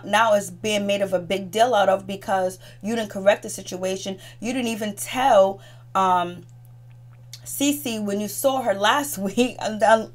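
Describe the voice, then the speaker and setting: A woman giving a casual, gossipy recap of a reality TV episode, talking in a chatty way with frequent restarts. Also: medium pitch. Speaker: TV recap host.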